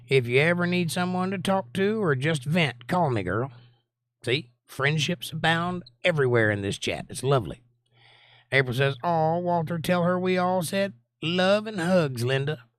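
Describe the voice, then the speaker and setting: A man's voice: a little high, a bit bright, no room sound, clean studio sound. A man hosting a live online Bible study, casually reading viewer comments aloud, greeting people by name and answering them. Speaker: Bible study teacher and livestream host.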